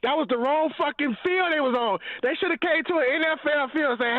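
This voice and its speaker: A man's voice: extremely high pitch, fairly quick, no echo, narrow, tinny audio. Profane, fired-up man on a call-in line. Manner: loud, profane and fired up, shouting at times. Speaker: regular podcast member calling in. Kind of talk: angry fan rant. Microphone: phone call-in.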